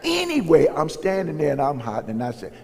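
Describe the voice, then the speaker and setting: Lively folksy preacher with gravelly voice. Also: male voice, fairly high pitch, a little fast, slight background noise. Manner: folksy storytelling, acts out dialogue in raised voices. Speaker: pastor. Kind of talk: sermon storytelling. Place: church sanctuary. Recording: long reverb in a large hall.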